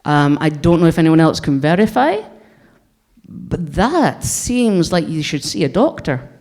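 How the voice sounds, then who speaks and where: A woman's voice: sits low, very animated, a little slow, darkish tone. A Scottish woman in her forties gives a conference talk to an audience in a blunt, wry, joking manner. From Scotland. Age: 40s. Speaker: conference speaker.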